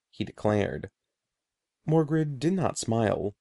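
A man reading a children's adventure story aloud in a measured storybook way, voicing the dialogue. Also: fairly low pitch, animated, gravelly, warm tone, no echo, clean studio sound. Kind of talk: scripted narration.

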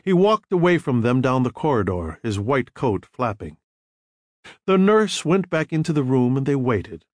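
A man narrating an audiobook in a measured, even manner. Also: mid-range voice, no echo.

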